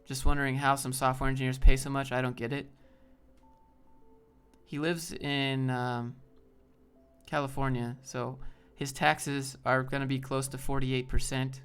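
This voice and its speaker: A man's voice: mid-range voice, flat delivery, fairly bright tone, clear, resonant tone, faint music behind. A man hosting a live stream in a casual, rambling way, reading and answering chat as he talks. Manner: rambling, loose, quick asides to chat. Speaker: livestream host.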